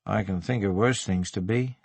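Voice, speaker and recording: A male narrator voicing a gentle, soft-spoken theatre man with a wry, evasive manner, in an audiobook. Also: fairly low pitch, moderate pace, vocal fry, dry recording, voice pushed down. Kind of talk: audiobook character voice.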